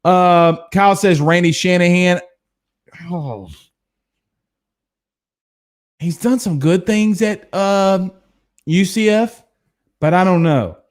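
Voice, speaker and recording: A man in his thirties from Louisiana hosting a casual sports stream, reading viewer comments and telling stories in a blunt, animated way. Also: sits high, slow pace. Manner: animated storyteller, hums drum beats, blunt. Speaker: sports show host.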